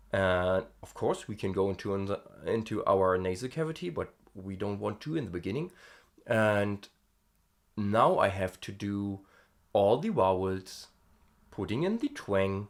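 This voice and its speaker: Guy coaching screams, chill and chatty, slow-talking, kinda low voice. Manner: relaxed, chatty, demonstrates twanged vowels. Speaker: scream vocal coach and vlogger. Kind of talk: casual video lesson with vocal demos.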